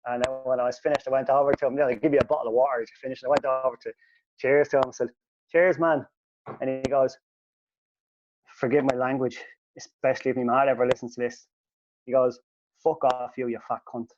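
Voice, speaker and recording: A man's voice: mid-range voice, fast, slight background noise. Sweary man telling a story. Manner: animated, sweary, voice jumps up when quoting himself. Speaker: podcast host. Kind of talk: casual storytelling. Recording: dull lo-fi podcast audio.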